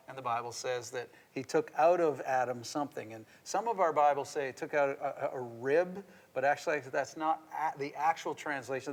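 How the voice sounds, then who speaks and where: A middle-aged man, a pastor, teaching a marriage devotional in a playful, animated way and laughing as he goes. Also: on the high side. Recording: long reverb.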